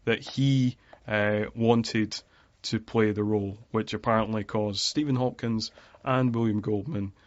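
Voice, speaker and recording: A man's voice: fairly low pitch, steady tone, a little slow, no room sound. A man co-hosting a casual podcast about a film, rambling with lots of fillers. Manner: rambling with many fillers and laughs. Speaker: podcast co-host. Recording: dry, dull lo-fi audio.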